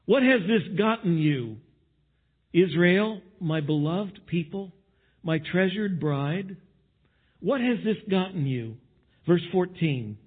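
A man's voice: high-pitched, breathy edge, phone-quality sound. A man giving an outdoor Bible teaching beside a spring, speaking emphatically in lists of short phrases.

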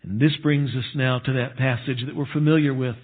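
A man preaching a sermon as a pastor, earnest and emphatic, dropping to a low hush on solemn points. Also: steady tone, a little fast. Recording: tinny phone-like sound.

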